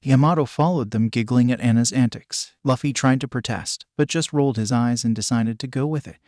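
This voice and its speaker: Guy reading a fanfic, flat even delivery, dry close sound. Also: medium pitch, a little fast, dry recording. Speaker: fanfiction narrator. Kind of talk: reading fan fiction aloud.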